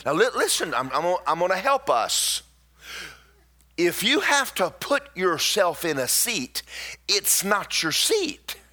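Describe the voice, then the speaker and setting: A man preaches to a church congregation, his voice bright and forward. He pitches a little high for a man and talks in an animated rhythm. He jumps into loud bursts, then drags words out slowly to hammer a point home. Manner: animated, with sudden loud bursts and slowed emphasis. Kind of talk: sermon with personal storytelling.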